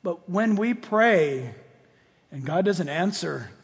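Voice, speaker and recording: A man preaching a sermon to his church, animated, swinging between loud exclamations and hushed, nearly whispered passages. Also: high voice, slow pace, breathy edge. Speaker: pastor. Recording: long hall reverb.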